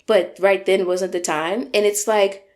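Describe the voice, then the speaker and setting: A woman in her twenties telling a storytime on her vlog, animated and emphatic, venting with plenty of swearing. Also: mid-range voice, unhurried. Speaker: vlogger.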